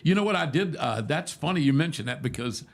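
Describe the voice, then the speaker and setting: A man's voice: a little high, lively intonation, a little fast, gravelly. Chatty older man telling stories. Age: 70s. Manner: rambling, folksy, self-deprecating. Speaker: radio show host. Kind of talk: casual storytelling chat.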